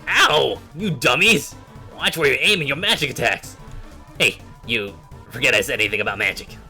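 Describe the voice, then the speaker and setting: A man voicing a hot-tempered ghost living in a training dummy, with a put-on Texas twang, shouting taunts. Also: mid-range voice, expressive, moderate pace, soft background music, voice pushed up. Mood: furious.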